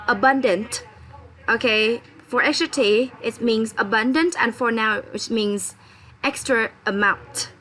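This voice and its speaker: A woman's voice: on the high side, fairly bright tone, a little hiss or hum, low-quality recording. A woman teaching English vocabulary, spelling words letter by letter and often checking in with "okay?". Her first language is Vietnamese. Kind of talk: vocabulary lesson.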